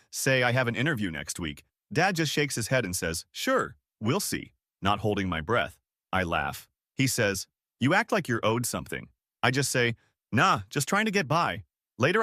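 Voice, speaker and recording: A man's voice: lowish voice, a bit bright, dry recording, studio quality. A man reading out a first-person story in a casual, matter-of-fact way. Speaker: story narrator.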